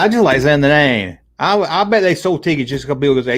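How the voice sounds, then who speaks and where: Talking fast in a fairly high voice, this middle-aged livestream host rambles from tangent to tangent. He chats with viewers casually, animated and swearing freely.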